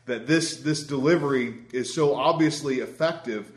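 Wry, animated young preacher. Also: male voice, mid-range voice, normal speed, noisy background. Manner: conversational, wry, animated storyteller. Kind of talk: sermon. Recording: roomy echo.

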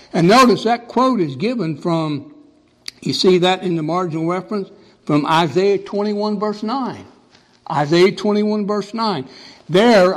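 Give me a man preaching a sermon with emphatic repetition, a slightly raised voice in a reverberant hall. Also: high voice. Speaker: pastor.

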